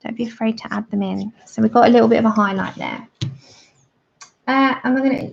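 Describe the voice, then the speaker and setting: A woman's voice: a little high, brisk, vocal fry, dull audio. A woman hosting a live colouring tutorial, chatting with viewers by name and laughing often as she works. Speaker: art livestream host.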